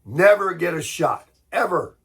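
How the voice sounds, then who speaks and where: An American man, sick and congested with a hoarse voice, telling a rambling, grumbling story in a casual morning chat. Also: sits high, lively intonation, measured pace, a bit bright. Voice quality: husky. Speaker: vlogger.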